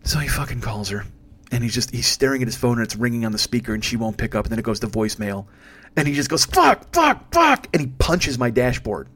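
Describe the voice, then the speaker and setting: A man's voice: mid-range voice, fast. A man hosting a podcast, telling a comic story with lots of profanity and acting out each voice. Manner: profane, animated, acts out every voice. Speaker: podcast host. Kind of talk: comedic storytelling.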